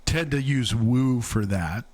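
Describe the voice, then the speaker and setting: A man's voice: medium pitch, slow pace, a little mellow. A man co-hosting a podcast in casual chat, self-deprecating and prone to stammering restarts. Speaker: podcast co-host.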